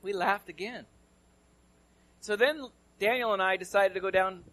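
In a high-pitched voice at normal speed, a California pastor preaches, telling his story the way he'd talk in conversation. His volume swings between loud and hushed.

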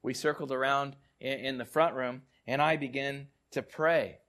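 A male pastor preaching a sermon and telling stories, often repeating words and dropping to quiet, soft tones. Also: mid-range voice, fairly even intonation, normal speed.

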